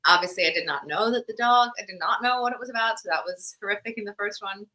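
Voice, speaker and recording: A woman's voice: medium pitch, quick pace, sharp tone, poor audio. A woman from Australia with a mostly American accent, chatting animatedly as a podcast guest, with lots of fillers. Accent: American with Australian slipping in. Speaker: guest, actor and content creator. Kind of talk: casual podcast chat.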